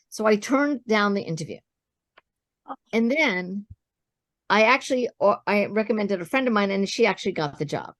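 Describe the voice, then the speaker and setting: A woman guest in an interview, telling her own business story as an animated storyteller who acts out the dialogue she quotes. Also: mid-range voice, moderate pace, no echo, studio quality.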